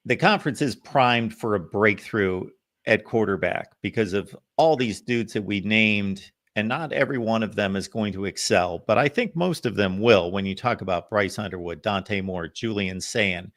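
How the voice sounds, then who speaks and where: A man hosting a sports talk show, giving steady, assured analysis. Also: on the low side, normal speed. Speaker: show host.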